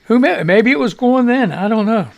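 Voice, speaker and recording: A man's voice: very high-pitched, animated, normal speed, gravelly. A man hosting a live radio show, telling a rambling story in casual chat with fillers and mild cursing.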